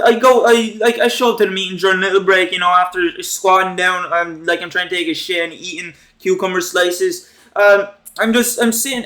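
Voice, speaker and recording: A young man with a high-pitched voice rambles through an embarrassing school story. He swears freely, mocks himself and stumbles over fillers and restarts as he goes. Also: a bit bright. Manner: rambling, crude, self-mocking, many fillers and restarts. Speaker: storytime vlogger. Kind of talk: casual storytelling.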